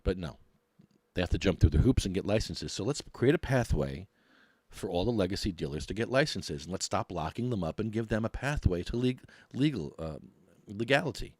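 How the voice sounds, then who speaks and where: A middle-aged man, hosting a podcast and ranting in a mocking, animated way. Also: low-pitched, fairly quick, no room sound, studio quality. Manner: animated, mocking, laughs often. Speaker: podcast host.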